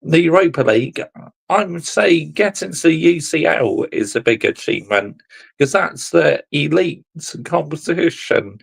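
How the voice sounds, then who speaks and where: Brief: man, fan vlog rant, slow delivery with wild pitch swings, sarcastic and fed up. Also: expressive, vocal fry, slightly rough. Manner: exasperated, sarcastic, swears, keeps addressing "people". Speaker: football fan vlogger.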